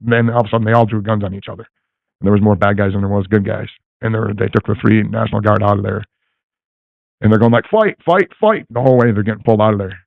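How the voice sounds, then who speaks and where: A man's voice: lowish voice, little pitch movement, racing, creaky, dry recording. An older man rambling through a long personal story, full of fillers and restarts, over a tinny line. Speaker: guest telling a personal story. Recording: tinny phone-like line, dry.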